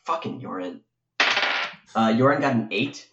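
A man's voice: mid-range voice, expressive, measured pace, very noisy. A man playing in a tabletop game, casual and joking, often laughing. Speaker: player. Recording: roomy, dull lo-fi sound.

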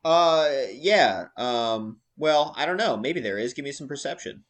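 A man's voice: on the high side, animated, unhurried, fairly bright tone. A man narrating as game master of a tabletop game, hesitant and full of fillers, with a joking streak.

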